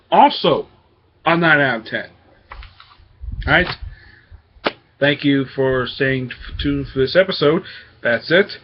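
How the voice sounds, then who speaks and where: A man's voice: on the high side, highs cut off, a little hiss or hum. A man hosting his own comic book review show, talking casually and hesitantly with lots of fillers. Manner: rambling, hesitant with many fillers.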